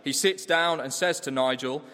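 A man preaching a sermon in a church, telling a story in an animated, humorous way. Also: a little high, normal speed. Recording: church hall reverb.

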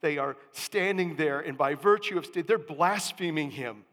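A male pastor preaching a sermon, dropping to hushed lines and then rising to booming proclamations. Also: normal speed. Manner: dramatic swings from hushed to booming. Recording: long church reverb.

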